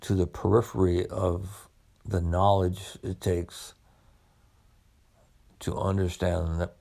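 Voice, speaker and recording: In a low, gravelly, mellow voice with little pitch movement, this ex-police officer, now a medical student, slowly recounts his own path studying for medical school. He tells it reflectively and conversationally.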